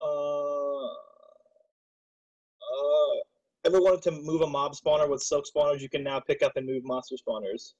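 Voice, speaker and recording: Hiccuping man, husky voice. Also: fairly high pitch, steady tone, measured pace, a little mellow, lo-fi sound. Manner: rambling, swears often, browses aloud. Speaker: server admin streaming gameplay. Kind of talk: casual gaming chat.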